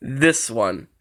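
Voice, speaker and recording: A man's voice: medium pitch, vocal fry, pushed and bright. A man giving casual reaction commentary on show clips, laughing often between lines and swearing casually.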